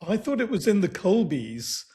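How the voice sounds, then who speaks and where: A man with a high, slightly husky voice co-hosts a casual podcast chat. He speeds up and gets excitable when he recounts favourite moments. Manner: quick, excitable, laughs while recounting. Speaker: podcast co-host.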